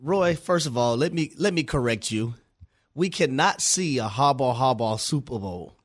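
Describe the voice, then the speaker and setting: A man's voice: medium pitch, animated, moderate pace. A man co-hosting sports talk radio, emphatic and opinionated. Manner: emphatic, opinionated, starts with "listen". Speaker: radio co-host, former player.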